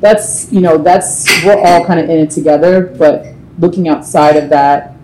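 A woman's voice: sits low, moderate pace, slight background noise, low-quality recording. A woman singer, a guest on a live panel at a bar, telling candid and profane stories. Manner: profane, animated storyteller.

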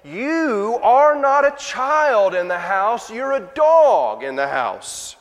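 A man preaching in a church, acting out a stern male teacher, slow and emphatic, with a long reverb behind him. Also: sits high, big pitch swings, pitched above the performer's own voice, heavily acted.

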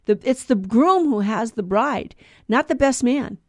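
A woman's voice: on the high side, expressive, measured pace, no echo. A woman co-hosting a podcast, explaining a gospel reading in casual chat, digressing and correcting herself as she goes. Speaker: podcast co-host teaching scripture.

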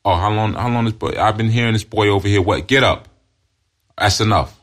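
A man's voice: fairly low pitch, voice pushed up, lightly acted. A man playing a stern no-nonsense father. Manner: firm, brisk commands. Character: stern father rousing a crying boy.

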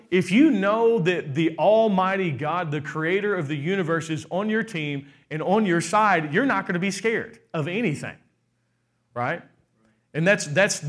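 A man's voice: on the high side, a bit bright. A pastor preaching a sermon, often asking the congregation "how many know" and stressing his words. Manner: rhetorical, asks the crowd "how many know", emphatic.

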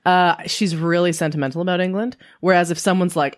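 A woman's voice: fairly low pitch, fairly even intonation, brisk. A woman co-hosting a podcast, telling family stories in a rambling, casual way with lots of "like". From Canada. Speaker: podcast co-host. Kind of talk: casual chat.

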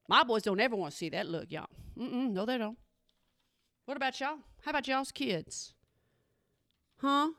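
Sassy, high-voiced mom talking to listeners. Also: female voice, a bit bright, dry recording, clean studio sound. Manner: sassy, emphatic, talks straight to listeners. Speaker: parent monologue host. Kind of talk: casual chat monologue.

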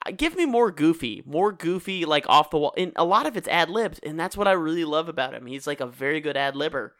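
A man's voice: fairly high pitch, lively intonation, fast, a bit bright, no room sound, studio quality. A man co-hosting a podcast, chatting casually and animatedly, laughing often. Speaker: podcast co-host. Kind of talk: casual chat.

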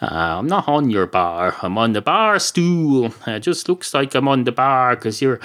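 A man voicing a cocky humanoid male cat who argues at length in a rambling, lively way. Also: mid-range voice, measured pace. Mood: argumentative. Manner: argumentative, rambling.

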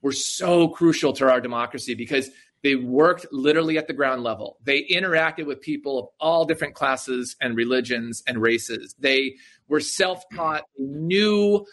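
A man with a mid-range, slightly bright voice is being interviewed on a podcast as an author. He explains things eagerly in a conversational way, often tacking "right?" onto his points.

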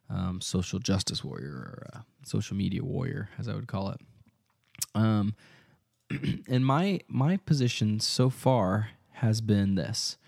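Clean studio sound with no room sound captures a man with a lowish, gravelly, darkish voice. He's a Midwestern podcast co-host in casual chat, rambling and hesitant, filling gaps with many ums.

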